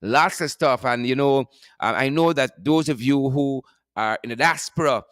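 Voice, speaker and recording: A man's voice: mid-range voice, moderate pace, fairly bright tone, no echo, clean studio sound. Guyanese man chatting to viewers. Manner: chatty, repeats phrases, laughs often. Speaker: show host. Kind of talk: casual live-stream chat, greeting viewers.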